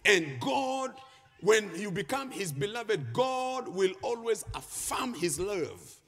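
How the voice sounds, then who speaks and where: A man's voice: high voice, big pitch swings, slow pace, a bit bright, soft background music. A man preaching a sermon to a congregation, reading scripture and breaking into sing-song emphasis. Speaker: pastor. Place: church hall. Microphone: handheld microphone. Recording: echoing hall reverb.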